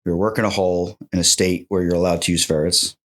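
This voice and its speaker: Lively storytelling male podcast host. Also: sits low, quick pace. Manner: animated storytelling, acts out quotes. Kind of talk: casual chat.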